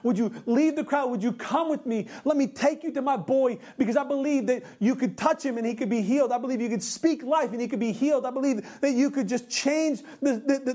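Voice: high voice, a little mellow, pitched above the performer's own voice. A preacher voicing a royal official who is desperately begging for his dying son, in an urgent, repetitive plea during a sermon. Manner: pleading, urgent, repeating itself.

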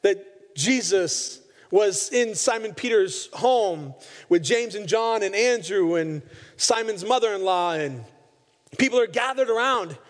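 A man's voice: high-pitched, animated, unhurried. A man preaching a sermon, retelling scripture stories and acting out the quoted lines. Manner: storytelling, acts out quoted lines. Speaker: pastor. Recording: long hall reverb.

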